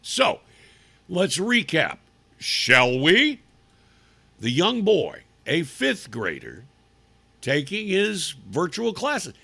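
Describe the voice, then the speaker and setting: A man's voice: on the high side, wildly swooping pitch, drawn-out words, vocal fry, long pauses, sharp tone, breathy edge. A male radio talk show host giving sarcastic, indignant commentary with emphatic delivery.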